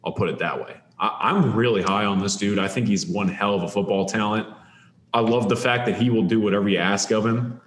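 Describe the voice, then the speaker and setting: A man's voice: fairly low pitch, brisk, echoey room, a little hiss or hum. A man co-hosting a sports podcast, talking up players emphatically, with frequent restarts. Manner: emphatic, enthusiastic, hedging restarts. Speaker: recruiting analyst co-host. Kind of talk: casual sports podcast chat.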